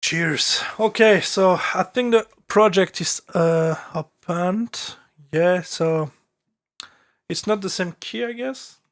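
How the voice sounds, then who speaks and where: A man's voice: sits high, takes it slowly, a bit bright, dry recording, clean studio sound. A man with a French accent talking casually on a live stream as he produces music, thinking aloud with many fillers and restarts.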